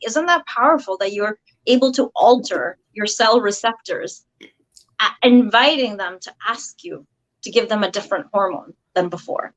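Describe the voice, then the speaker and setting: A woman practitioner of hypnosis and NLP, explaining her ideas at a steady pace as a guest on a video call. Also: a little high, low-quality recording. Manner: steady, explaining, slows to spell things out. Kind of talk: explanatory interview talk.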